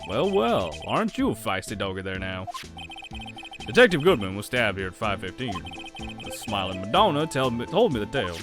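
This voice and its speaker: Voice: medium pitch, sing-song, moderate pace, music in the background, voice pushed down, close to an everyday voice. A streamer voicing a laid-back, cowboy-styled male patrol officer from a game, reading his lines in a lazy drawl with folksy sayings. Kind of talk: game dialogue read aloud.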